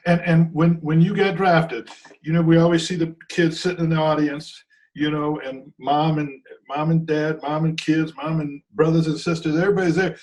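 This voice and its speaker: A man's voice: a little high, flat delivery, moderate pace, darkish tone. A man hosting a talk show, asking long questions and repeating words as he builds them. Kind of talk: interview questions.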